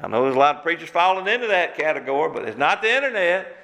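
A man preaches as pastor, his voice swelling and dropping as he stacks repeated words for emphasis. The tone is gravelly and bright, a little higher than most men, and a long hall reverb trails behind him. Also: big pitch swings, fast. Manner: preaching with rising and falling emphasis, repeats words when worked up. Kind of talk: sermon.

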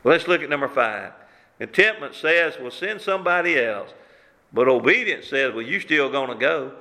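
A man's voice: medium pitch, expressive, normal speed, sharp tone. A man, preaching a sermon as pastor, repeating words as he works up emphasis and lets his voice rise and fall. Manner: preaching with rising and falling emphasis, repeats words when worked up. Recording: hall reverb.

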